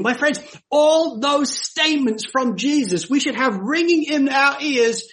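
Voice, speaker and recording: High-voiced male preacher, dramatic delivery. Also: unhurried, few pauses. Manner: dramatic, swings from hushed to emphatic when quoting scripture. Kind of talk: sermon.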